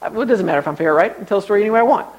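Young male preacher, high voice, chatty storyteller who turns emphatic. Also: animated, very fast, lo-fi sound. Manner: conversational storytelling, rising to emphatic exhortation. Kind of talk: sermon.

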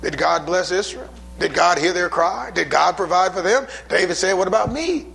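A male preacher delivers a sermon in a church. His voice is high and gravelly, with a bright, forceful edge, and it swells from calm teaching into shouted, fervent passages. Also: moderate pace, faint music behind. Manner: preaching with rising, shouted intensity. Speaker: pastor. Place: church sanctuary.

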